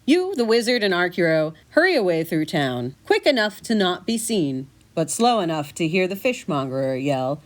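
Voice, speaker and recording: Lively woman narrating an adventure story. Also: lowish voice, normal speed, hardly any pauses. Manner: playful, expressive storytelling. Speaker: narrator and host. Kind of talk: choose-your-own-adventure storytelling.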